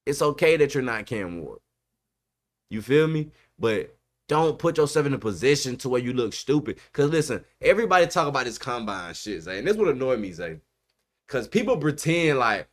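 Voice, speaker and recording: Man, podcast host, casual sports debate, emphatic, animated, mid-pitched voice. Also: normal speed. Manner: emphatic, animated, repeats "bro" often. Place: podcast studio.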